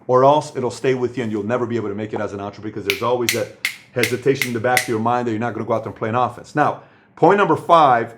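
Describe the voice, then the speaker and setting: A man's voice: mid-range voice, rapid-fire, background noise. A man hosting a motivational business talk, speaking emphatically and repeating phrases for stress. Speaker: host giving business advice.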